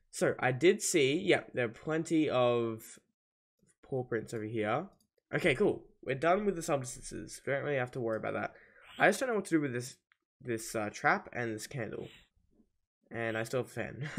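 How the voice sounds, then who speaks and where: Chatty man thinking aloud over a game. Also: medium pitch. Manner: casual, thinks aloud, easily confused. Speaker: gaming channel host. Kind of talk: gameplay commentary.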